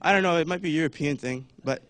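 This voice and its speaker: A man's voice: on the high side, rapid-fire, fairly bright tone. A young man giving a casual talk at church, chatty, with many fillers, and acting out voices now and then. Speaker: church speaker.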